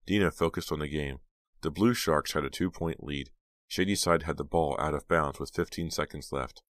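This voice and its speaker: A man narrating an audiobook in a measured storytelling manner on a close mic. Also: a bass voice, a bit bright, dry recording. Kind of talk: scripted narration.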